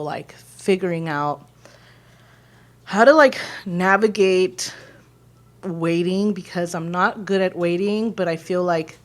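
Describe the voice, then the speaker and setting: Woman, 30s, low-pitched, emotional podcast co-host who rambles and fights tears. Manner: rambling, emotional, many fillers. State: holding back tears. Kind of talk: casual heartfelt conversation.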